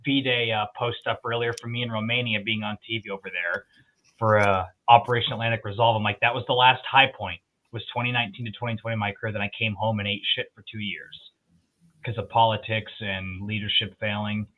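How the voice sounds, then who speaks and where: A man talking in a casual chat, telling profane, animated stories. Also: on the low side, a little fast. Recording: tinny phone-like line.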